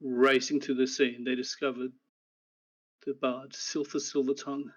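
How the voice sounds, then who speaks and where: Slow, flat-voiced male game master. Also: medium pitch, highs cut off. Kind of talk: recapping a tabletop game session.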